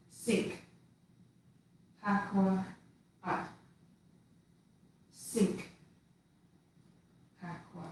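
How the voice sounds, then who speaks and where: Female tai chi teacher, unhurried spoken cues, recorded from a distance in a roomy space. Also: medium pitch. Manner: slow, calm counting of movement cues. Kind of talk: guided movement class. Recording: echoey room, far from mic, faint hiss.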